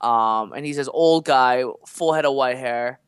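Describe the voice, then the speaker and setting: A man's voice: medium pitch, a little slow, smooth, no room sound, clean studio sound. A man co-hosting a podcast, telling a rambling, casual story full of fillers and asides. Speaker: podcast co-host.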